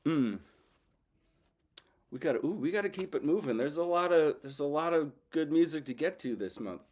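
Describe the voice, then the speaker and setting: A man's voice: on the high side, expressive, normal speed, darkish tone. A man hosting a casual livestream show, talking loosely with viewers while eating. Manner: rambling and loose, chats with viewers between songs. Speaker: show host.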